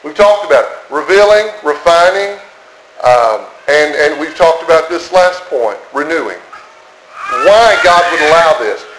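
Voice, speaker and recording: A man's voice: on the high side, expressive, a little slow, a bit bright. A man preaching a sermon in an earnest, emphatic way, often repeating his key phrases. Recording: echoey room with faint noise.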